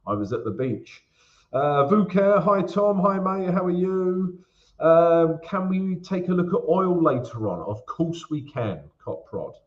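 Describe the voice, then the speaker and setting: A man's voice: high voice, animated, a little slow, lo-fi sound. A man hosting a casual live-stream Q&A about trading, chatty and greeting viewers by name, calling them guys and mate.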